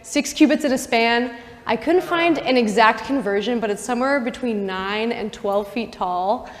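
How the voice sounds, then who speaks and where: A woman's voice: a little high, moderate pace. A young woman, a campus missionary, giving a casual Bible teaching talk full of "like" and asides to her listeners, in a university chapel. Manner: chatty, full of "like" and asides to the audience. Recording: long chapel reverb.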